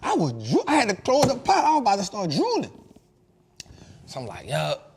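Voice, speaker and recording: A man in his thirties hosting a show, telling a casual story in an animated, slangy way that swings from loud to hushed. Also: very high-pitched, a little fast, creaky, slightly rough. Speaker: host.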